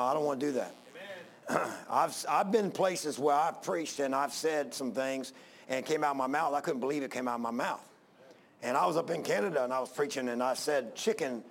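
Gravelly folksy preacher man. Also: on the high side. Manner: folksy, rambling with many fillers and restarts. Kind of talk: sermon.

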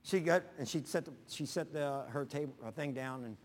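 A man pastor preaching in a folksy, animated way, telling personal stories with sudden loud bursts. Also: fairly high pitch, brisk, in a large hall, a little hiss or hum.

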